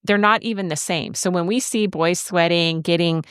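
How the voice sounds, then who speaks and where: A woman's voice: fairly low pitch, moderate pace, a bit bright, clear, resonant tone, no echo, studio quality. A middle-aged woman co-hosting a podcast, telling stories in a chatty way and laughing often. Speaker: podcast co-host. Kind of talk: casual podcast chat.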